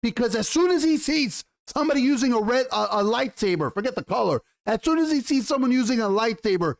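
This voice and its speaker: Exasperated male reviewer with a high voice, foul-mouthed, tripping over his words. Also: lively intonation, quick pace, vocal fry. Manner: exasperated, swears a lot, stumbles and restarts. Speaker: YouTube TV show reviewer. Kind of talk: profane ranting review.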